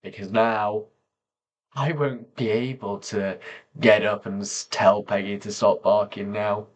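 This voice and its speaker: A man talking slowly and softly to camera, pausing often as he reflects on personal memories. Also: on the low side, little pitch movement. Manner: slow, soft-spoken, pausing often. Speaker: vlogger.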